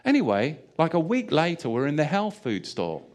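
A man preaching, telling a funny personal story with animated delivery and frequent laughter. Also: on the high side, moderate pace. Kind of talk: sermon with humorous personal anecdote.

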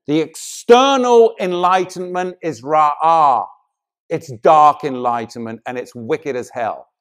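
A middle-aged man delivering a sermon, swinging between loud emphatic preaching and hushed, intimate passages. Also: on the high side, slow pace.

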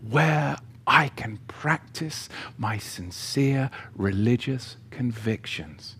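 A man's voice: medium pitch, lively intonation, slow, few pauses, a bit bright, slightly rough. Man giving an informal Bible teaching. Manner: conversational with joking asides, emphatic when reading scripture.

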